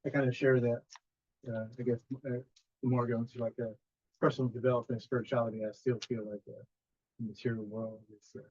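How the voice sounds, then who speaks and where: A man sharing in a workshop, halting and hesitant, with many fillers. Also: mid-range voice, flat delivery, a little mellow, slightly rough, dry recording, muffled recording. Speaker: workshop participant.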